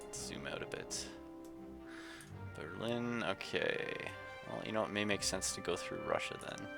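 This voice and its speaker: Gravelly-voiced man reading a game aloud. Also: lowish voice, animated, measured pace, music in the background. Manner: casual, reads story then chats. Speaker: streamer.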